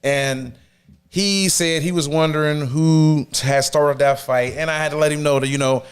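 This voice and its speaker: Man, podcast co-host, animated storyteller, fairly high pitch. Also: normal speed, clear, resonant tone. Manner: animated storyteller, acts out quotes loudly; slangy, gives shout-outs. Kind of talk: casual chat and storytelling.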